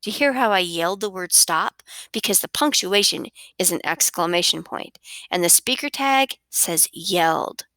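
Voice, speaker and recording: A woman teaching a recorded reading lesson for children, with an expressive, sing-song teacher's delivery on a close mic. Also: on the low side, moderate pace, dry recording.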